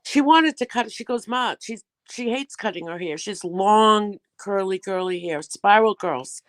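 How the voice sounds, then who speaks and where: A woman talks easily in casual chat, often quoting her daughter. Her pitch sits in the middle range. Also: animated, normal speed, poor audio. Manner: easygoing, quotes her daughter.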